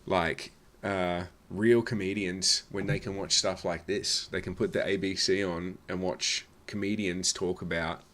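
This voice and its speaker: A man's voice: deep voice, fairly even intonation, unhurried, hardly any pauses, a bit bright. An Australian man hosting a reaction video with blunt, scornful, sarcastic commentary.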